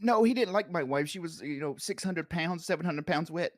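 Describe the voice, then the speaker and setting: A man's voice: fairly high pitch, animated, fairly quick, no room sound, clean studio sound, close to an everyday voice. A man playing an eccentric, morbid 84-year-old male caller with a wavering put-on accent, in an improvised comedy bit. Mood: deadpan. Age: 80s. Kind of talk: improvised comedy role-play.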